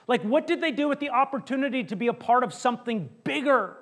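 A male pastor with a fairly high voice preaching in a church. He is animated and conversational, acts out what people said and often restarts his words. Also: normal speed, few pauses. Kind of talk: sermon. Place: church sanctuary.

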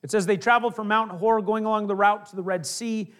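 A middle-aged male pastor preaching a conversational sermon, acting out little asides and dropping from emphatic to hushed. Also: sits high, steady tone, fast.

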